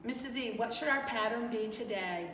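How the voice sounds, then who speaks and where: A woman's voice: a little high, normal speed, a bit bright, slight background noise. A woman teaching young children in an online class in an upbeat, coaxing, sing-song manner. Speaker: kindergarten teacher. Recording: roomy echo, distant mic, faint ambience.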